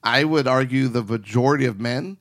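A man's voice: mid-range voice, brisk, a bit bright. A man hosting a podcast, giving relationship advice in a teasing, preachy way. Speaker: podcast host.

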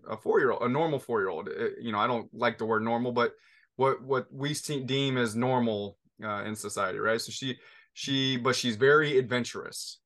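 A man's voice: medium pitch, fairly bright tone. Man telling a story with restarts. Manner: storytelling, many restarts and fillers. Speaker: podcast host. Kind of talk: conversational interview.

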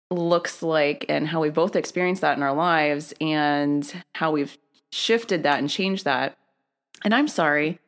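Cheerful woman hosting a podcast. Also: low voice. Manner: cheerful, laughs often. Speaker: podcast host. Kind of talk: casual podcast chat.

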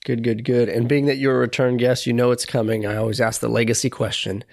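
A man's voice: medium pitch, little pitch movement, fast talker, gravelly, no room sound, clean studio sound. A man hosting a podcast interview, friendly and encouraging, with polite, formal phrasing. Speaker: podcast host.

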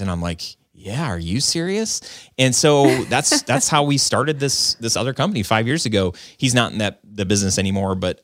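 His voice is lowish, and the studio-quality recording carries no room sound. Running a video business and a podcast, he tells his story in casual conversation, earnest and self-reflective, rambling with plenty of "like" and "um."

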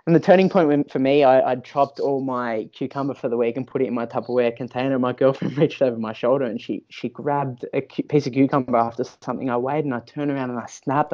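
A man's voice: mid-range voice, fairly even intonation, fast, few pauses, darkish tone, muffled recording. A man, a fitness professional, speaking as a podcast guest and sharing a personal story candidly, often restarting and repeating words.

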